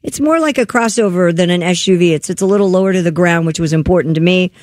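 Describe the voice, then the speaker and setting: A woman's voice: fairly low pitch, fast, a little mellow, dry recording, studio quality. A woman co-hosting a radio show, chatting casually and doing a live ad read in an upbeat way. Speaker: radio show co-host, reads ads.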